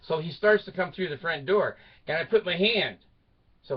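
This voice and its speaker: An older man rambles through a personal story for his channel, breaking into laughter at his own jokes. His voice sits a little high, and he swings from loud outbursts to low mutters. The recording is dull and lo-fi. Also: very animated, normal speed, breathy edge. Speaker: video channel host.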